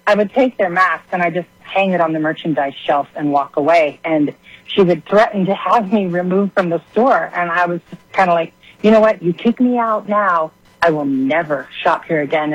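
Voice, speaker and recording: Husky-voiced woman caller on a dull phone line. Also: lowish voice, no echo. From Oregon. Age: middle-aged. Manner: impassioned, riled up. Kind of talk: call-in talk radio.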